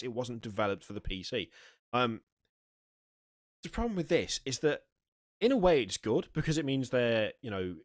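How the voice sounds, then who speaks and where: A man's voice: medium pitch, dry recording. Sweary man reading gaming news. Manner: reads news aloud, swears, breaks off into asides. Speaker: podcast host. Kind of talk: casual news chat. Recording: dry close mic.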